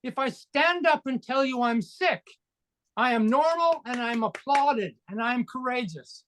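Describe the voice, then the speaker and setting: A Canadian coach and speaker in his sixties talks as an interview guest in an emphatic, fervent motivational style. His voice is very high-pitched, animated and a bit bright, at a measured pace, with a little hiss or hum.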